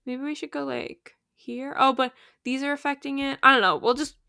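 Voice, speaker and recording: A young woman rambling casually on a game livestream, full of fillers and little laughs. She sounds sleepy, yet her high voice stays bright. The close mic in her room is dry, with no room sound. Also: flat delivery, moderate pace, vocal fry, no room sound. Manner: chatty, giggly, lots of fillers. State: sleepy, yawning. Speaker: streamer.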